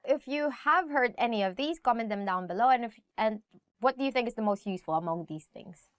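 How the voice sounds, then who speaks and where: A woman's voice: fairly high pitch, expressive, brisk, music in the background. A young woman with a Filipino accent teaching a casual video lesson, chatty and laughing often. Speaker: language teacher.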